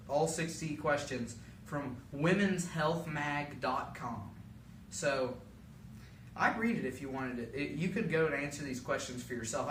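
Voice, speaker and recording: A man's voice: fairly high pitch, a bit bright, slight background noise. A young man hosting a casual solo podcast from a home basement, goofy, rambling and poking fun at himself. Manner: goofy, self-mocking and rambling. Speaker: podcast host. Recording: echoey room, mic a bit far.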